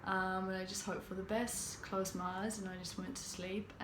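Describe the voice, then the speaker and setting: A young New Zealand woman, a vlogger, tells a personal story in casual, rambling talk full of fillers and restarts. Her mid-range voice is flat and moves at a moderate pace. The recording has background noise and the echo of a roomy room.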